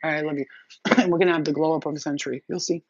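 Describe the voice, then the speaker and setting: A woman's voice: sits low, steady tone, rapid-fire, a little mellow, slight background noise. Blunt, swearing woman chatting to viewers. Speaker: spiritual reader and vlogger. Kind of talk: casual chat to viewers. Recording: dull lo-fi audio.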